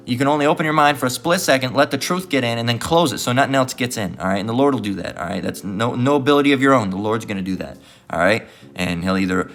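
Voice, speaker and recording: Heated and profane, a man preaches street-style and reads from scripture, mimicking his opponents mockingly and saying "all right" after almost every phrase. His voice is mid-range with a fairly bright tone.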